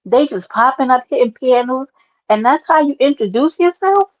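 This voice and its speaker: Animated New woman streamer. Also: sits high, normal speed, highs cut off. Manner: loud, animated, talks to chat by name, swears. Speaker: livestream host. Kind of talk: casual livestream chat reading comments.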